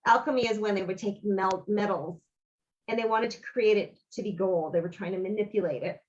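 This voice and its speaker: A woman's voice: medium pitch, brisk, highs cut off. A woman, a guest on an interview, telling a personal story in an earnest, rambling way and acting out the dialogue. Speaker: interview guest, author and bereaved mother.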